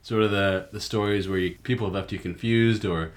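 A man's voice: on the low side, fairly even intonation, a little fast. A man co-hosting a podcast in casual chat, playful and laughing often. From Canada. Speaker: podcast co-host.

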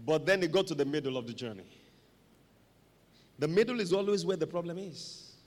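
A man preaching a sermon, dramatic and animated, with call-and-response to the congregation. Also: a little high, brisk. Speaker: pastor. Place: church hall. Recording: long echo of a large hall.

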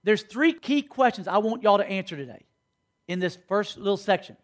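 A man with a strikingly high voice delivers a sermon to students. He keeps checking in with his listeners through call-and-response questions as he preaches. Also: expressive, moderate pace. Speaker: speaker at a school.

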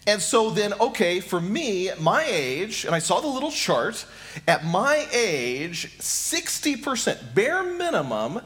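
High, lively middle-aged pastor preaching. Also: male voice, slow pace. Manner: repeats questions rhetorically, addresses listeners directly. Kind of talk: sermon.

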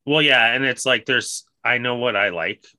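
A man's voice: medium pitch, moderate pace, no room sound. A man from Canada hosting a podcast in casual chat, swearing a lot and telling stories with energy. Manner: swears a lot, animated storytelling. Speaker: podcast host.

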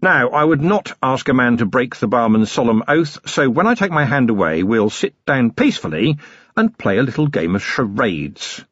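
Man voicing a police commander, stern, quietly threatening, husky, dry close mic, slightly muffled audiobook recording. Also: mid-range voice, big pitch swings, normal speed, no room sound. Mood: menacing. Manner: quietly threatening, clipped and ironic. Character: stern middle-aged male police commander, dryly menacing. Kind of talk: audiobook character reading.

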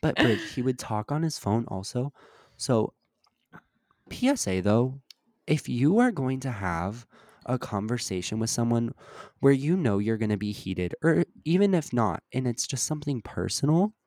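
A man's voice: mid-range voice, very animated, moderate pace, a little mellow, dry recording, studio quality. A young man co-hosting a casual podcast, telling a long story with many "like" fillers and acting out overheard lines. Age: young adult. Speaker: podcast co-host. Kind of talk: casual chat.

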